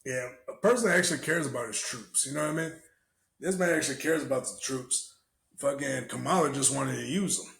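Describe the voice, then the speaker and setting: A man co-hosting a casual podcast, talking in a profane, animated way and laughing often. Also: mid-range voice, brisk, gravelly. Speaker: podcast co-host.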